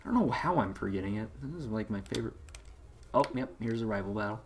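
A man giving casual, profanity-laden commentary while playing a video game, breaking into excitable outbursts. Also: on the low side, fast talker, slight background noise. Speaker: let's play gamer.

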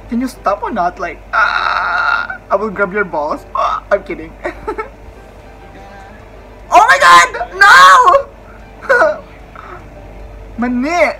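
A young woman with a Filipino accent reacting to a show, squealing, swearing and bursting into shouts and laughter. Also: fairly high pitch, poor audio. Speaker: reaction vlogger. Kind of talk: excited reaction commentary.

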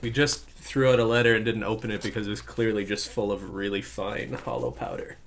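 A man's voice: on the low side, fairly even intonation, a little fast. A young adult man co-hosting, chatting casually with dry teasing remarks and frequent laughter. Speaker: co-host. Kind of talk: casual chat.

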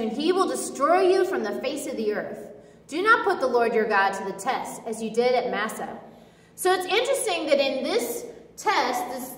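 A woman's voice: high voice, fairly bright tone. A woman preaching a sermon in a conversational way, with lots of casual filler words. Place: church hall. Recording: echoey hall from far off.

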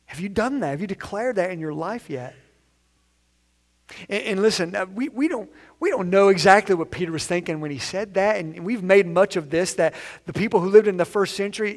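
A man preaching a conversational sermon in a church, acting out the voices of the people he quotes. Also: high voice. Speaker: pastor. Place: church sanctuary.

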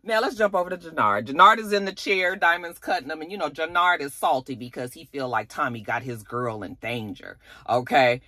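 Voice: medium pitch, fairly quick, hardly any pauses, no echo. A TV reviewer recapping an episode in a casual, profane vlog, retelling scenes by quoting the characters. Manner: animated, profane storytelling with slang.

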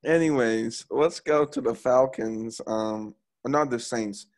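A young man co-hosting a casual sports podcast, enthusiastic and quick to laugh. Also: medium pitch. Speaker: podcast co-host.

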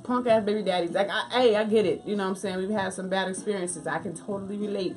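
A woman co-hosting a casual livestream chat, animated and talkative, quick to jump in. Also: mid-range voice, faint music behind. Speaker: co-host.

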